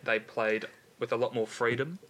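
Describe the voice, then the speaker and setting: A man's voice: mid-range voice, steady tone, moderate pace, a bit bright, a little hiss or hum. A man co-hosting a casual football podcast, laid-back and dry in his opinions. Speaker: podcast co-host. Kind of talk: casual sports chat.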